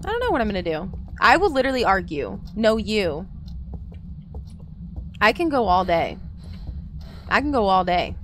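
A woman's voice: mid-range voice, very animated, moderate pace, pauses often, a bit bright, a little hiss or hum. A woman streaming a game, chatting casually and talking to her viewers by name. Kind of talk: casual live-stream chat while gaming.

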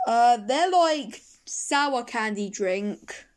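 A woman plays a cheeky penguin who loves sour candy and teases his friends. The voice sits fairly high and moves at an unhurried, drawn-out pace, told like home toy play-acting. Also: expressive.

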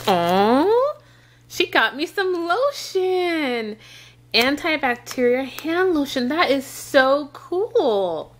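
A young woman with a high voice, unboxing gifts for her daughter in a home vlog. She gushes and gasps, and she keeps exclaiming over each item. She talks slowly and lingers on every word. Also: sing-song. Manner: gushing, gasping, repeats "oh my gosh".

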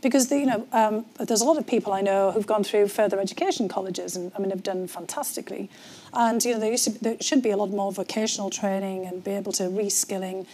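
A woman's voice: mid-range voice, fairly even intonation, fast, dark tone, slight background noise. A woman with a North East English accent, a guest in an interview, telling her story candidly with frequent fillers. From North East England. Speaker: guest, former government official. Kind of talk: conversational interview.

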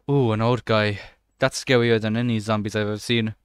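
A young man talks through a game in a smooth, resonant voice, recorded close and dry. He jokes, swears freely and jumps to excited yelps as he plays. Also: lowish voice, moderate pace, no room sound. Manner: excitable, swears often, jokey running commentary. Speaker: gaming channel host. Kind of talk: let's play commentary.

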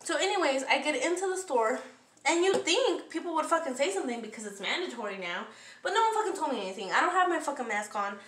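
A woman with a high, bright voice rants through a storytime, swearing constantly and sounding worn out and annoyed. She is a little way off the mic in an echoey kitchen. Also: quick pace, distant mic. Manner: heavy profanity, animated, exasperated. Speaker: vlogger. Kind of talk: casual storytime rant. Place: home kitchen, cooking.

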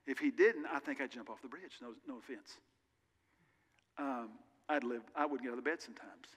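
A man's voice: mid-range voice, normal speed, a bit bright, husky. A male pastor preaching a sermon in an earnest, conversational way with candid personal asides, recorded in a church sanctuary. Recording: long reverb of a large church hall.

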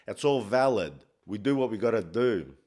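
A man's voice: on the low side, expressive, normal speed, a little mellow. A man playing a brash, crude life coach, swearing in a swaggering, mock-profound comic monologue. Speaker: comedy character host.

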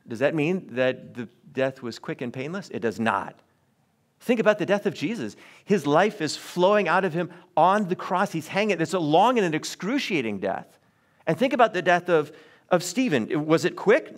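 A man preaching a sermon in a church, earnest with wry asides and swings of pitch. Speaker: pastor. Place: church sanctuary.

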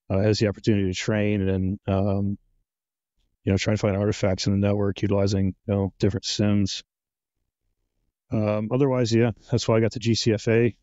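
Low, flat-voiced man with a muffled sound. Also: dry recording. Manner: laid-back, hesitant, many "uh" and "you know". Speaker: guest, penetration tester. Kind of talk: casual interview answers.

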